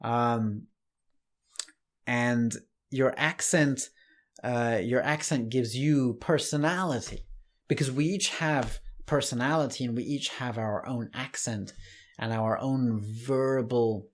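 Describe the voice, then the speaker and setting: A male English teacher talks through a casual online lesson at an unhurried pace. He sounds relaxed and conversational, with small laughs and restarts, and his voice sits at a middle pitch.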